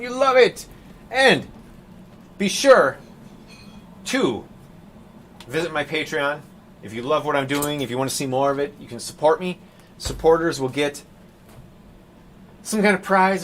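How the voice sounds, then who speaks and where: A man's voice: medium pitch, a little hiss or hum. A man chatting casually and rambling with jokes as he paints on a live stream, calling his viewers "team".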